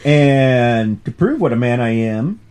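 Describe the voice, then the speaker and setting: A man's voice: medium pitch, expressive, slow pace, darkish tone, smooth, pitched below the performer's own voice. A man voicing a pompous rich old British lord in a put-on Indian accent. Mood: boastful. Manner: boastful, self-important.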